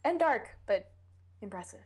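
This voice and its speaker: A woman's voice: mid-range voice, normal speed, husky. A young woman co-hosting a casual fan podcast, chatty and acting out scenes she describes. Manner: chatty, quotes scenes in animated voices. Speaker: podcast co-host.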